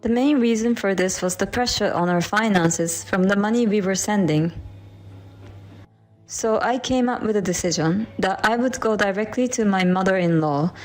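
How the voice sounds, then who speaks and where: A woman reading a first-person story as scripted narration in an earnest, steady way. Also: medium pitch, normal speed, soft background music.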